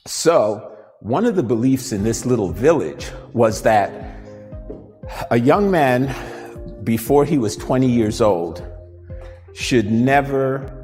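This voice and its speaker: Man telling a story in a reverberant studio. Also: lowish voice. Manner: animated storyteller, acts out voices. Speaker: radio show host. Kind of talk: storytelling and live demonstration. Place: radio studio.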